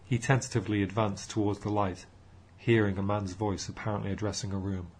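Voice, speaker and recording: A man narrating an audiobook in a measured storytelling manner. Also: on the low side, flat delivery, husky.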